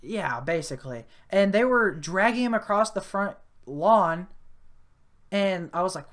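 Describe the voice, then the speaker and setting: A young woman with a mid-range voice, speaking a little slowly, tells a casual story on the podcast she hosts. Her telling meanders with many fillers and restarts, growing animated and loud as it peaks.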